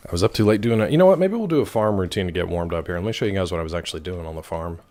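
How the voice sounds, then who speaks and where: A man in his thirties chatting casually with his stream viewers, rambling and wry, with a rough throat. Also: low-pitched, animated, racing, a little mellow. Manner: rambling, wry, reacts to chat messages.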